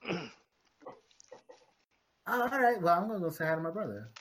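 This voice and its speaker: A player in a tabletop game, reacting with excitement and laughter. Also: medium pitch, normal speed. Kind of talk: casual tabletop game play.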